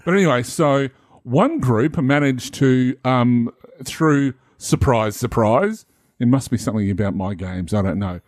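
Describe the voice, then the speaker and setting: A man's voice: medium pitch, a little slow, darkish tone, no room sound, clean studio sound. A man, a game master co-hosting a casual podcast, rambling and self-deprecating with many fillers.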